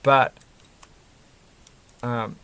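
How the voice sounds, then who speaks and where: A man's voice: extremely slow, bright, forceful tone, dry recording. A man chatting casually and rambling while building a Lego set, often chuckling and correcting himself.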